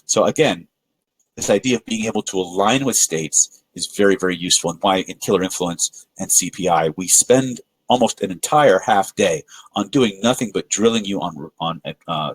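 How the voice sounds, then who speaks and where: A man's voice: deep voice, husky, dry recording, low-quality recording. A man presenting a live webinar on persuasion, telling stories and acting out the people in them, with frequent restarts. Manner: animated storyteller acting out quoted voices, frequent filler restarts. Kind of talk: live webinar teaching with storytelling.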